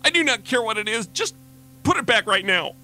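A man's voice: a little high, normal speed, close to an everyday voice. A man voicing a stressed, worn-out young mother who snaps at her daughter in a radio devotional story. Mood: snapping. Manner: sharp and clipped, turning apologetic.

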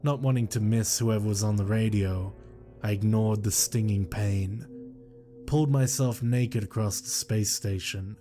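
A man narrating a horror story in a slow, measured, somber way. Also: fairly low pitch, mellow, faint music behind.

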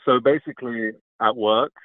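A man from England calling in to an advice show, soft-spoken and hesitant with lots of ums, over a tinny phone line. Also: mid-range voice, fairly even intonation, moderate pace, no room sound. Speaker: caller. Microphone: phone call.

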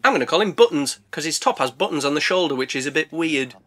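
Bright, lively reviewer. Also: male voice, on the high side, fast. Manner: cheeky, sweary. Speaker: movie reviewer. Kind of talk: comic movie recap narration.

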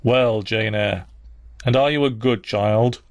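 A man voicing a stern older clergyman with a solemn, harsh manner, asking grave questions slowly. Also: on the low side, no room sound, studio quality.

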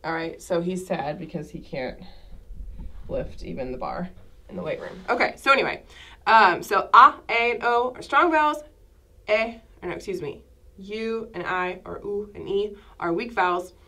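A woman's voice: medium pitch, normal speed, bright, forceful tone. A woman teaching a Spanish class, explaining grammar in a chatty way and checking in with the class by asking "okay?" again and again. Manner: checks in with frequent "okay?" asides; self-correcting, chatty explanations. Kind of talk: classroom lecture at a whiteboard.

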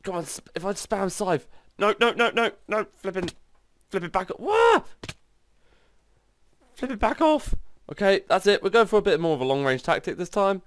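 A man commenting on his video game play in an excitable, exclaiming way. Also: high voice, a little fast, hardly any pauses, clear, resonant tone. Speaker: gaming channel host. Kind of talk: gameplay commentary.

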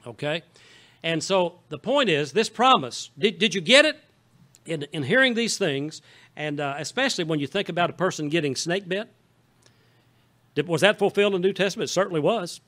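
A man's voice: sits high, expressive, brisk, pushed and bright. A male pastor from Southeast Missouri with a Southern Missouri accent, preaching a folksy, conversational sermon and often checking in with the congregation. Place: church sanctuary.

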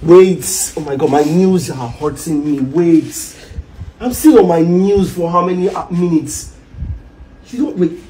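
A woman's voice: on the low side, unhurried, mellow, a little hiss or hum, natural voice, low-quality recording. A Nigerian woman acting a devout spouse who kneels and pleads in prayer, repeating phrases in a preachy way. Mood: urgent. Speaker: actor in a comedy skit.

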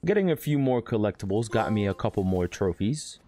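A man's voice: lowish voice, animated, fairly quick, background noise. A man hosting a gaming channel, casually narrating a game walkthrough in a chatty, upbeat way.

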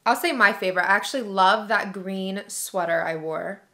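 A woman's voice: medium pitch, moderate pace, over a noisy crowd. Upbeat woman vlogger, casual chat. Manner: playfully indignant, upbeat. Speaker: fashion vlogger.

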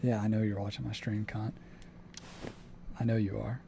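A man's voice: on the low side, level tone, moderate pace, creaky, dark tone, a little hiss or hum. A man streaming a survival game, chatting casually and swearing, flipping between laid-back and exasperated. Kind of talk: casual gaming stream commentary.

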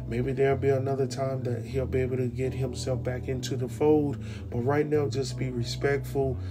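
A man hosting a casual TV episode recap, telling it in a loose, slangy way and retelling scenes as dialogue. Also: mid-range voice.

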